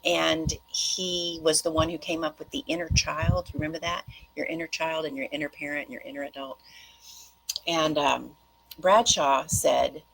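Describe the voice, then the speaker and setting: A middle-aged woman talks straight to her viewers in a loose, rambling monologue, full of quick tangents. Her voice sits low and has a gravelly edge. It has a husky, slightly rough grain. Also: level tone, fairly bright tone, low-quality recording. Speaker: host.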